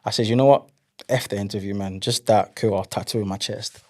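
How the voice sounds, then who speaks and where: A man's voice: on the low side, fairly quick. A young man, chatting casually as an interview guest and telling stories animatedly, acting out what others said. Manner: animated storyteller, acts out quotes. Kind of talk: casual chat.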